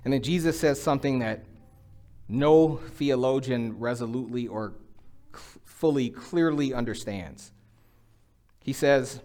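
A man's voice: mid-range voice, measured pace, pauses often, dark tone. A middle-aged man preaching a sermon in a conversational way, acting out quoted lines with a rising voice. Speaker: pastor.

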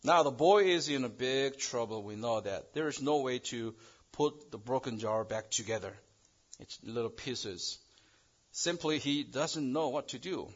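Caught on a dull, lo-fi recording, this man preaches a sermon with a story to illustrate his point. His delivery halts and doubles back on phrases, swelling louder and higher on the important words.

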